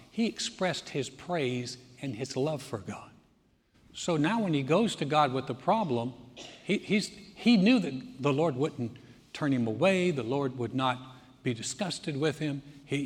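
A male pastor preaching a sermon, shifting from conversational talk to loud, fervent declaration. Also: fairly high pitch, breathy edge, big-room sound.

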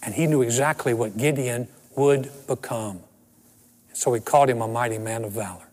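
A man's voice: medium pitch, moderate pace, a little mellow, in a large hall. A man in his sixties preaching a sermon and telling personal stories with self-deprecating humor. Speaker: pastor.

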